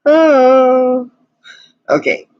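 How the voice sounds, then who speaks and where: A man's voice: very high-pitched, big pitch swings, drawn-out words, dry recording, muffled recording. A man streaming and chatting casually, giggling and laughing constantly between his phrases. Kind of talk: casual chat.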